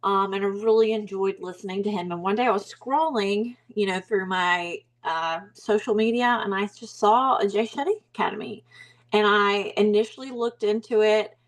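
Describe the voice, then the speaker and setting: A young woman with a Southern accent talks through her answers slowly and thoughtfully. She pauses often with fillers and restarts her sentences as she speaks. Her voice sits at a middle pitch. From Alabama, US. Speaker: mindset coach, guest. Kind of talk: casual interview talk.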